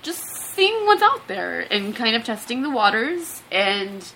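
A woman co-hosts a podcast, talking bluntly and frankly and laughing easily in casual chat. Her pitch moves around a lot. There is faint noise behind her voice. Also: big pitch swings, a little slow, pushed and bright, poor audio. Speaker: podcast co-host.

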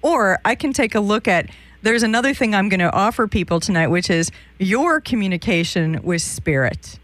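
A woman's voice: medium pitch, animated, normal speed, fairly bright tone, no echo. A woman hosting a live call-in radio show, giving psychic readings in a chatty, meandering way with many restarts.

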